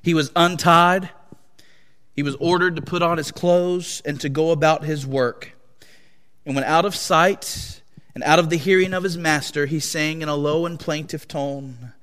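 Slow, solemn preacher telling a story. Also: male voice, on the high side, fairly even intonation, a bit bright. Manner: slow, solemn and dramatic reading. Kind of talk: sermon storytelling. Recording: long echo of a large hall.

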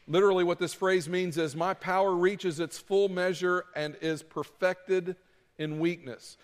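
High-voiced male preacher in a reverberant hall. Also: fairly even intonation, unhurried. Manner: dramatic, swings between loud pleading and quiet asides. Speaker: pastor. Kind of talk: sermon.

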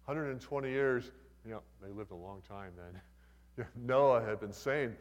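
A man's voice: fairly low pitch, measured pace, in a large hall. An older man preaching a sermon as a pastor, in a conversational, folksy way with humorous asides.

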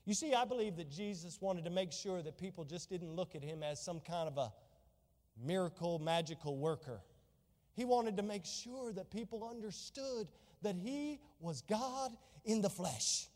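A man pastor preaching a fervent sermon in a church, swinging from soft to loud, reading scripture in old-fashioned wording. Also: high-pitched, lively intonation, normal speed, in a large hall.

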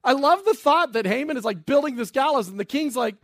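Animated high-voiced man preaching. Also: no room sound, clean studio sound. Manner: playful, acts out the characters in quick asides. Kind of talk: animated sermon retelling a Bible story.

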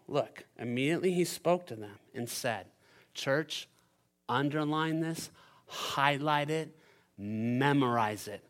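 A man preaching a sermon as pastor, animated and playful, swinging between loud urgency and quiet emphasis. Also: mid-range voice. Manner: playful asides and silly voices for the disciples.

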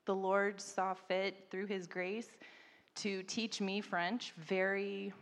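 A missionary woman in her thirties telling a story, animated and laughing often, mimicking people in a higher voice. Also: takes it slowly. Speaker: missionary guest. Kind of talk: storytelling in a church interview. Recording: long hall reverb.

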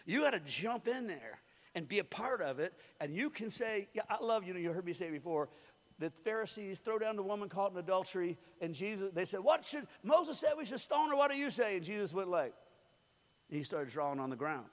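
A man in his sixties preaching a sermon, telling jokes and stories, going from soft and hushed to loud. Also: high-pitched, brisk. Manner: animated, joking storyteller who swings from soft to loud. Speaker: pastor. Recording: hall reverb.

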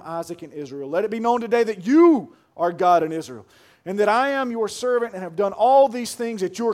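A male pastor preaching a sermon, casual and colloquial, swinging from hushed talk to shouting. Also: high voice. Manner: colloquial, says "man" and "y'all".

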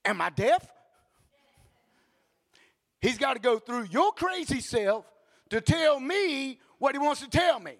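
A male preacher giving a sermon in animated storytelling, with blunt joking asides and bursts of shouting. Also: very high voice, takes it slowly, vocal fry, pauses often, long reverb tail.

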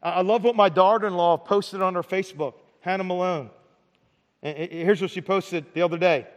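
A man's voice: sits high, brisk, dull audio. A middle-aged man preaching a sermon as pastor, talking in a conversational way, often repeating words and tagging lines with "right?". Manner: conversational preaching with repetitions and tag questions. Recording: large hall reverb.

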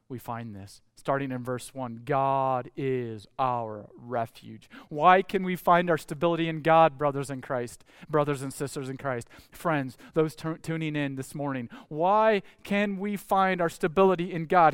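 Clear-voiced male pastor preaching animatedly. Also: moderate pace, hardly any pauses, dry recording, studio quality. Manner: animated preaching, swinging between loud calls and hushed low passages. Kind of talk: sermon.

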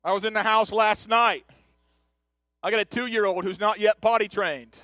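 A man's voice: sits high, fairly even intonation, moderate pace, bright, forceful tone, dry recording. A man in his thirties preaching a conversational sermon, joking and chatting straight to his congregation. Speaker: pastor. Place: church sanctuary.

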